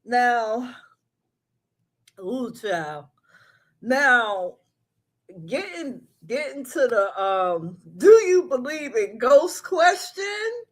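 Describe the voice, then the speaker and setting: Middle-aged lady talking live to her viewers from home, real slow, kinda high voice, chatty and drawn out. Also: sing-song. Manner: chatty, talks straight to viewers, drawn-out storytelling. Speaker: host of a live recap show. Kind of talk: casual live chat with viewers.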